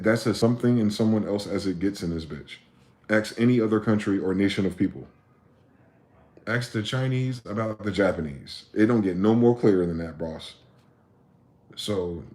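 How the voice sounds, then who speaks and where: A man's voice: fairly low pitch, darkish tone. A man delivering an impassioned, profane solo rant, firing off rhetorical questions. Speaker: vlogger. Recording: echoey room.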